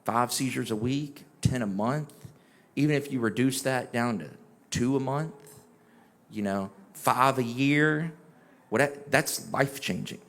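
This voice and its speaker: A man's voice: medium pitch, unhurried, fairly bright tone. A man who once had epilepsy, talking casually on a panel, earnest and encouraging, with rhetorical questions. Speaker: neurologist and epilepsy patient.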